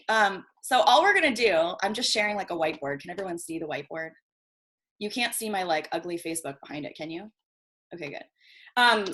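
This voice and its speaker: A guest marketing coach, a woman with a mid-range, fairly bright voice, teaches a workshop over a video call. She's chatty and casual, swears freely, and keeps checking in with "okay?" again and again.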